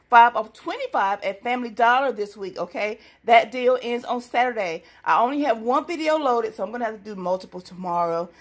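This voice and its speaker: Chatty woman vlogger, slightly high voice, excitable and talking straight to her viewers. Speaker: couponing vlogger. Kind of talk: casual deal-hunting vlog.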